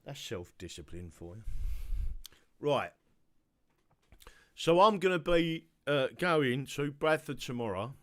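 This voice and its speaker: A tired man hosting a casual livestream, rambling and chatty, often trailing off into low muttering. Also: lively intonation, slow pace, pauses often, dry recording. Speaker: livestream host.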